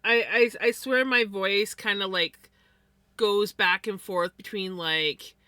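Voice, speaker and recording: Chatty woman with a bright, dry voice. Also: medium pitch, fairly even intonation, slow pace, no echo. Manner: rambling, chatty, many "like" fillers. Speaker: livestream host. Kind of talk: casual chat while crafting.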